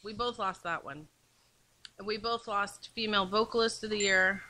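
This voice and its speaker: A woman co-hosting a relaxed radio chat, laid-back with a teasing edge. Her voice is bright and clear at a middle pitch. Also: moderate pace, rough recording. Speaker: radio co-host.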